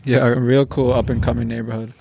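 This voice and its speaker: A man's voice: mid-range voice, level tone, quick pace, creaky, background noise. A young man co-hosting a casual chat, teasing and joking in a loose, slangy way. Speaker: podcast co-host.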